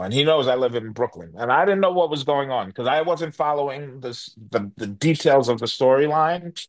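A middle-aged man tells a story in a loose, rambling way, full of restarts and fillers. His pitch sits in the middle range, and he puts on the voices of the people he quotes. The sound is dry and close, with no room echo. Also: animated, normal speed. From New York. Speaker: guest. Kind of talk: animated storytelling.

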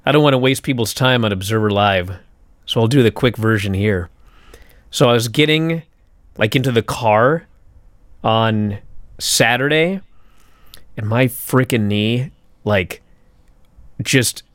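A young adult man, co-host of a podcast, telling a story in casual chat, animated and swearing as he acts out his own thoughts. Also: on the low side, a little slow, pauses often, no room sound, clean studio sound.

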